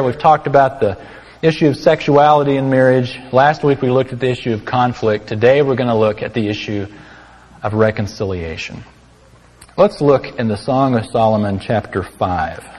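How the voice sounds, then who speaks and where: A man's voice: mid-range voice, darkish tone. A man preaching a sermon in an earnest, conversational way, with dry asides. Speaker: pastor. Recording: long hall reverb.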